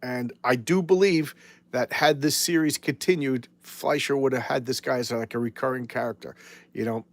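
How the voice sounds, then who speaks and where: A middle-aged man talks through old comic books on a live show, wandering from thought to thought with a lot of false starts. His voice is mid-pitched and comes across close and dry, with no room sound. He slips in dry, joking asides. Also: moderate pace, dry recording. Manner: rambling, chatty, frequent restarts; wry, jokey asides. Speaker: comic book show host. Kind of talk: casual live comic book chat.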